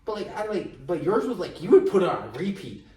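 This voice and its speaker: A young man co-hosts a podcast, chatting casually in a teasing, blunt way and using plenty of slang. His high voice swings widely in pitch and is fairly quick and a little mellow, heard from far off the mic with roomy echo and faint noise.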